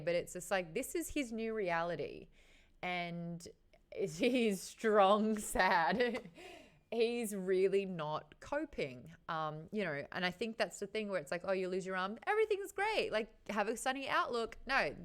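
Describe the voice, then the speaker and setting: Chatty woman hosting a book chat. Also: on the low side. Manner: chatty and frank, swears casually. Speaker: host of a book chat show. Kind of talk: casual book discussion with a live chat.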